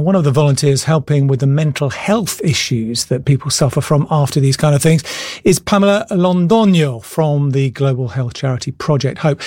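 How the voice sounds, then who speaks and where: A man presenting broadcast news, measured and formal as he introduces guests and asks questions. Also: fairly high pitch, darkish tone, no room sound, studio quality.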